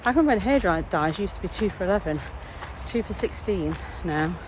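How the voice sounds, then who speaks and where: A woman's voice: medium pitch, lively intonation, fast talker, background noise. A woman chatting casually in a daily vlog, rambling about her day while walking outdoors, sometimes out of breath. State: out of breath at times. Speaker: vlogger.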